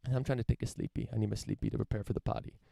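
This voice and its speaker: Rapid-fire and gravelly, a young man with a fairly low, dark voice and fairly even intonation rambles through a casual solo podcast monologue. He hosts from his parents' home on a live-stream camera setup with no echo, cursing freely and full of fillers and restarts.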